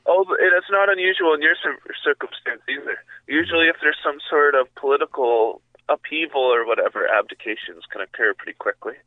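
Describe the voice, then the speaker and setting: A man with a fairly high voice chats as a podcast co-host, relaxed and filling pauses with ums. His voice comes through a thin, phone-like line. It sounds dry, with no room around it. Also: no echo. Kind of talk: casual chat.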